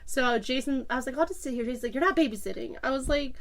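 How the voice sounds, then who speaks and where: A woman co-hosting a podcast, telling a story in casual chat, animated, acting out quotes and laughing often. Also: sits high, quick pace. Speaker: podcast co-host.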